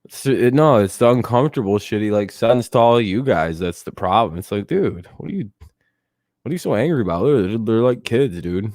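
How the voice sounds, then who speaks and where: A man's voice: lowish voice, lively intonation, a little fast, a little mellow, no echo, studio quality. A young man streaming live, rambling casually to his chat with lots of swearing and laughter. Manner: rambling, profane, laughs often, talks to chat.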